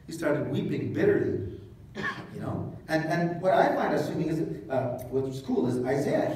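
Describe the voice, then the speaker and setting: A man preaching a sermon as pastor, retelling scripture in a casual, joking way with animated asides. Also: fairly high pitch. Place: church hall. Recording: echoey hall, mic at a distance.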